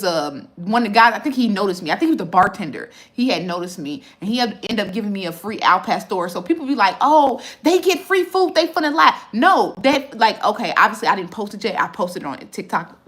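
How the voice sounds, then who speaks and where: A woman's voice: mid-range voice, fairly quick. A woman, a food reviewer chatting casually on a livestream and answering viewers' comments. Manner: animated, reads and answers viewer comments, repeats herself. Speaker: food reviewer and content creator. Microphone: phone livestream.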